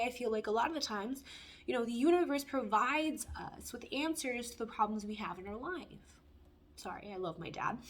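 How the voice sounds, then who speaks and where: A woman reads tarot in a loose, chatty way, speaking frankly and from the heart. Her voice sits a little high. She talks bluntly and does not soften her opinions. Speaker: tarot reader. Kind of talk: casual spoken tarot reading.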